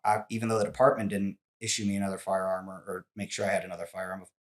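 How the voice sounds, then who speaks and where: A man's voice: deep voice, flat delivery, rapid-fire. A man in his forties, a podcast guest, telling a personal story in casual interview talk, candid and emotional, with many restarts.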